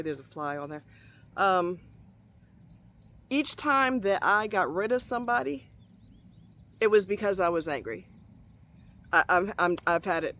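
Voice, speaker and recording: A woman's voice: on the low side, fairly bright tone, slight background noise. A middle-aged woman vlogging outdoors, venting bluntly with heavy swearing and emphatic repetition. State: sweating in the heat. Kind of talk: outdoor vlog rant. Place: outdoors in hot muggy nature.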